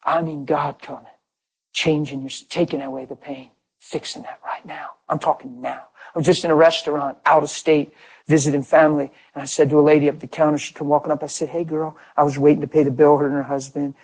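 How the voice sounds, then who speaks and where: A man's voice: on the high side, flat delivery, quick pace, darkish tone, low-quality recording. A middle-aged man from Pennsylvania giving a conversational sermon full of stories. He speaks emphatically and fires off rhetorical questions that he answers himself. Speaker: preacher.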